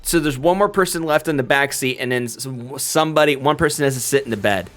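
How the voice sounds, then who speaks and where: A man's voice: a little high, quick pace, a bit bright. A man narrating a tabletop game as game master, rambling with many fillers.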